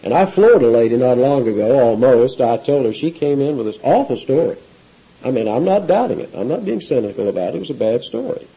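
A man's voice: medium pitch, very animated, fairly quick, vocal fry, warm tone, slightly rough, muffled recording. A male pastor preaching an expository sermon in a conversational way, often putting questions to his listeners. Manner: conversational, asks the audience questions.

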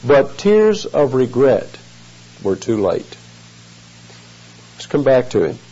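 Muffled earnest male preacher, lively delivery. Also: mid-range voice, slightly rough. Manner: earnest, emphatic, drawn-out phrasing. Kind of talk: expository sermon. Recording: muffled lo-fi recording.

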